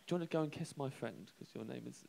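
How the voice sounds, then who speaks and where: A young man telling a comic anecdote on a live show, halting and self-deprecating, chuckling between lines. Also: mid-range voice, creaky, darkish tone. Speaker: comedian telling a story.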